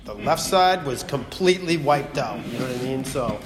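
A man's voice: medium pitch, lively intonation, normal speed. A man, telling his story to a recovery meeting in a blunt, profane, rambling way that keeps circling back to "you know what I mean.". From Massachusetts. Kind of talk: personal testimony to a group. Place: meeting room. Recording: long hall reverb, faint noise.

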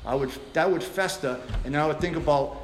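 Middle-aged man, blunt and profane, sharing his story in a roomy hall over steady background noise. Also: a little high, a little fast. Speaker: recovery meeting speaker. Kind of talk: personal recovery share. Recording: echoey room with background noise.

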